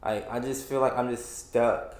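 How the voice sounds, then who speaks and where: Venting on his solo podcast, a man in his twenties keeps a steady, mid-range voice at a moderate pace, with a roomy sound around him. The casual rant wanders, frustrated, broken by restarts and fillers.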